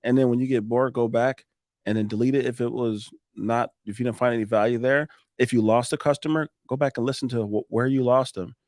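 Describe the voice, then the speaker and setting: A man guesting on a podcast, talking in a lively coaching way with frequent restarts and laughs. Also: mid-range voice, fairly quick, no echo, studio quality. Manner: animated, coaching tone, laughs often, restarts sentences. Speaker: podcast guest, roofing business owner. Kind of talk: casual podcast chat.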